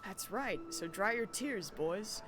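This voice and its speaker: A hearty older nobleman, as a woman puts him on, speaks in a brisk, proper manner. The voice sits somewhat lower and quieter than her own. Game music sounds clearly behind. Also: animated. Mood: reassuring.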